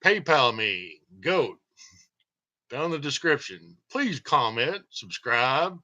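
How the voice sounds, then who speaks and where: A man's voice: medium pitch, big pitch swings, slow pace, sharp tone, muffled recording. A man hosting his own channel, rambling and joking through a casual livestream monologue and laughing often. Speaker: channel host.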